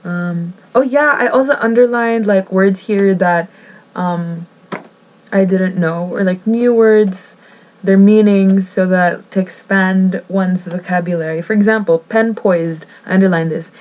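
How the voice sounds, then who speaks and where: Reading a book aloud in a casual vlog, a woman talks a little slowly in a mid-range, darkish voice. The audio is poor, and she keeps rambling, giggling, and interrupting herself.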